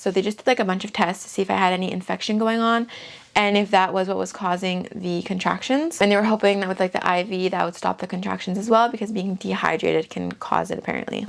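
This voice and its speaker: A woman's voice: medium pitch, creaky. A young woman vlogger telling a personal story in a casual, chatty way, peppered with "like".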